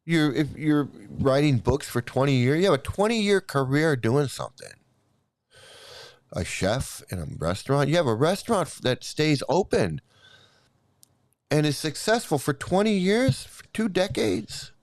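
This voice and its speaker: Middle-aged man, a bit high-pitched, delivering a profane, repetitive commentary rant to camera, dry sound. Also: sing-song, measured pace, dry recording. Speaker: YouTube commentator. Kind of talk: angry ranting commentary.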